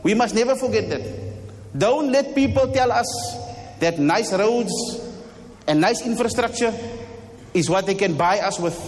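Guy preaching hard, high voice, long echo off a big mosque hall. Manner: fervent, repeats lines and fires rhetorical questions. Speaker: imam giving a Friday sermon. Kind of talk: impassioned sermon.

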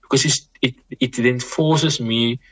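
A man, speaking as a Muslim scholar guest in a reflective conversation, measured and repeating words as he thinks. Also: medium pitch, fairly even intonation, fairly bright tone, husky, rough recording.

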